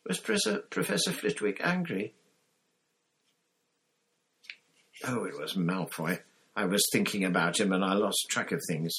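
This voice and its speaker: A man reading a storybook aloud and voicing a flustered, overworked young schoolgirl witch who stammers and squeaks. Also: expressive, normal speed, a bit bright. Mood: distressed.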